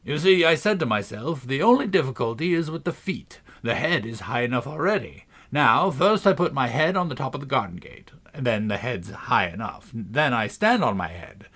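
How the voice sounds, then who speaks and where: A man's voice: mid-range voice, expressive, moderate pace, few pauses, fairly bright tone, breathy edge. A man reading a storybook, voicing a clumsy, earnest old knight who rambles on solemnly about his inventions. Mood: earnest, rambling.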